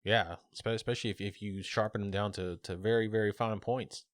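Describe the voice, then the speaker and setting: A man co-hosting a podcast, casually telling a local legend with relaxed fillers and restarts. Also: fairly low pitch, fairly quick, no echo, studio quality. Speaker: podcast co-host.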